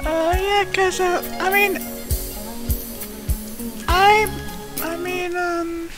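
Someone doing a very high-voiced rambling eleven-year-old gamer. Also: level tone, drawn-out words, over loud music, full character voice, low-quality recording. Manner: rambling, full of uhs, easily shocked. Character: eleven-year-old boy playing a game for the first time. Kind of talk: staged gameplay commentary skit.

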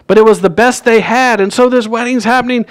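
A man's voice: very high-pitched, fairly even intonation, fairly quick. A male pastor giving a sermon in a church, telling a story in a casual way and acting out the characters' lines. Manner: conversational storytelling, acts out quoted lines. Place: church sanctuary.

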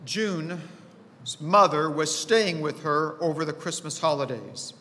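Pastor, man, unhurried and storytelling, bright high voice, recorded with a long reverb in a church auditorium. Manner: storytelling, acts out quoted voices with rising pitch. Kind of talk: sermon.

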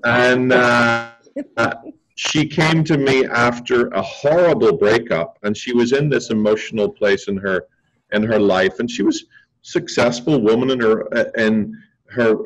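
Husky man telling a lively story. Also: medium pitch, unhurried, low-quality recording. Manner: animated storyteller acting out quotes. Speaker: martial arts instructor, guest. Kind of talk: storytelling in casual chat.

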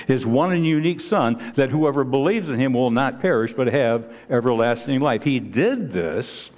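A man preaching a sermon as pastor in a church, earnest and halting, often restarting and repeating words. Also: medium pitch, expressive, a little mellow. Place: church sanctuary.

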